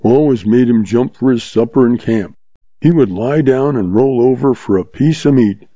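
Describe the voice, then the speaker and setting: A man voicing a smooth-talking young cowboy with an earnest, folksy drawl, read from a storybook. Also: mid-range voice, normal speed, dark tone, no room sound, muffled recording, natural voice. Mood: defensive.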